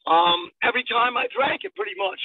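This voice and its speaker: A slightly hoarse man speaking haltingly on a phone call while driving in traffic. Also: very high-pitched, sing-song, dry recording. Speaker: coaching group member. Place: car in traffic. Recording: tinny phone line from a car.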